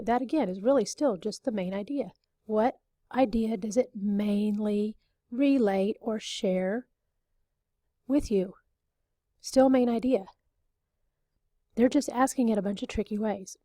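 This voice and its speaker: Woman teacher, mid-high and mellow, patient and repetitive, dry close recording. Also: no echo. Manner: explains patiently, repeats and rephrases, frequent okays. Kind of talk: recorded classroom lesson.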